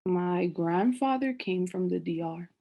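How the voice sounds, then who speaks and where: A woman's voice: on the low side, a little slow, dull audio. A young woman student asking questions in an online class, choosing her words with care. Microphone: video call.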